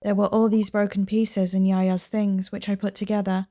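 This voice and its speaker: A woman voicing a gentle, earnest grown daughter, reading game dialogue aloud. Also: medium pitch, flat delivery, moderate pace, natural voice.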